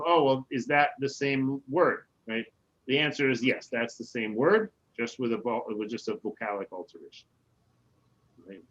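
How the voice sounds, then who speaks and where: A rabbi eases through a Hebrew lesson in a loose, chatty way, stopping often to check that his students are following. His voice sits at an ordinary middle pitch. The sound is muffled and dull, as on a video call. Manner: relaxed, chatty, many "right?" checks. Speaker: rabbi teaching a Hebrew class. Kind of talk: casual online class teaching.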